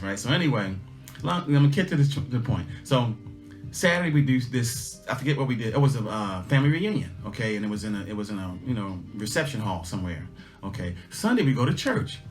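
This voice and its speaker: A man's voice: medium pitch, animated, fast. A middle-aged man hosting a livestream, telling a casual personal story and driving home life lessons with emphatic repetition. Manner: folksy, emphatic, repeats his lessons. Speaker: livestream host. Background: faint guitar music.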